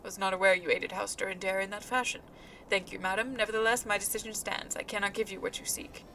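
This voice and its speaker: Proud chief astrologian, read by a woman, indignant, formal, bright. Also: medium pitch, flat delivery, quick pace, creaky, faint music behind, low-quality recording. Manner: indignant, formal, plain reading voice.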